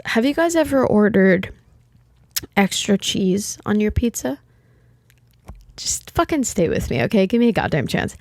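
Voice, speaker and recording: A woman's voice: medium pitch, a little mellow, dry recording, studio quality. A young woman hosting a solo podcast, talking candidly in a rambling way, swearing casually and restarting her sentences often. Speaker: podcast host.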